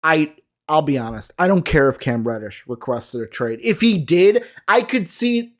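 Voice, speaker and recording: A man's voice: fairly high pitch, animated, moderate pace. A young man hosting a casual solo basketball talk show, chatty and addressing his viewers directly. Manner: chatty, lots of fillers, talks to viewers. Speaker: sports show host.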